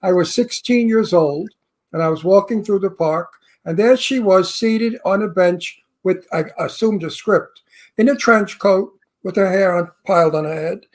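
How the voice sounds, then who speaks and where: A man's voice: high voice, normal speed. An older male co-host, telling a story in a theatrical, reminiscing way. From Brooklyn. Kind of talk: casual chat.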